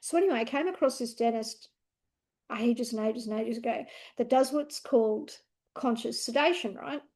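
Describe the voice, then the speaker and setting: A woman's voice: fairly high pitch, moderate pace, a little mellow. A woman, a tarot co-host telling a personal story in a candid, laughing way, swearing freely. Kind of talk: casual storytelling.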